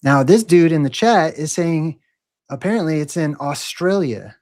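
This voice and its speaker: A man's voice: a little high, animated, moderate pace, darkish tone. A man hosting a livestream, talking casually and mockingly challenging a troll in the chat. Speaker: livestream host.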